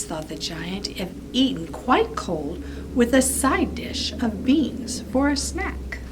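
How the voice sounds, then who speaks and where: A woman librarian reading a picture book aloud to preschoolers in an expressive, sing-song way. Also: medium pitch, background noise. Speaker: children's librarian storyteller.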